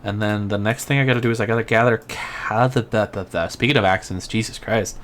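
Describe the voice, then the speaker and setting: A man's voice: fairly low pitch, a little fast, a bit bright. A young man with a Mexican accent, chatting casually with a friend while he plays a game, often distracted and trailing off. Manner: distracted, laughing, trailing off mid-sentence. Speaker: streamer. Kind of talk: casual chat while gaming.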